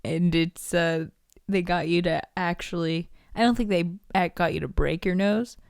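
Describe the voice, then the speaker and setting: A woman's voice: on the low side, steady tone, normal speed, vocal fry, smooth, no room sound, clean studio sound. A woman co-hosting a podcast in casual chat, teasing and laughing often. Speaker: podcast co-host.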